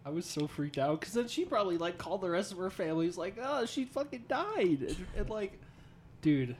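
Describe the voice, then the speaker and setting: A young man casually telling a funny story among friends, getting loud and high when he gets excited. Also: fast, slight background noise.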